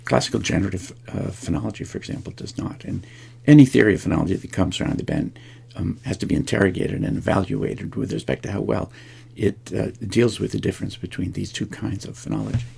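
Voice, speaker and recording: Man, lecturing, very raspy voice, restarts and fillers. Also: lowish voice, fast talker, a little mellow. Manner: thinking aloud, frequent restarts and fillers. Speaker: linguistics lecturer. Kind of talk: recorded lecture.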